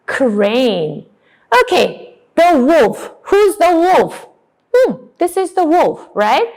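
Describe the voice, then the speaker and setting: Woman teacher for a young kids' storytime demo, very slow, lively and high. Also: creaky. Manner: slow, exaggerated and animated. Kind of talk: storytelling class demonstration.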